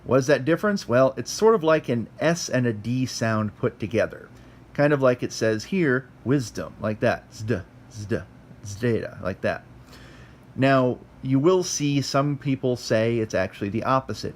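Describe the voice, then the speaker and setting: A man's voice: medium pitch, lively intonation. Guy walking thru greek letters, chatty and self-deprecating, voice swings up and down. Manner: conversational, self-deprecating, sounds letters out slowly. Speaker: teacher. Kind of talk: casual lesson.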